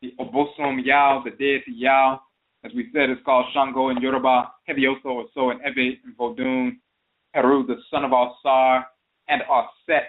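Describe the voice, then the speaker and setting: Man lecturing over a tinny phone line. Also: medium pitch. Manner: explanatory, lists term variants methodically. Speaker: radio show host. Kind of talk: lecture-style talk. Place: internet radio broadcast.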